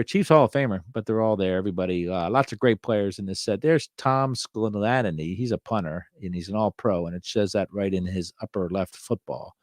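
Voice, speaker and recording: Middle-aged guy doing a card show, dry jokey asides, lowish voice, dead dry sound. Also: no echo. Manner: wry, joking asides with many fillers. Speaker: sports card show host. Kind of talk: casual card review narration.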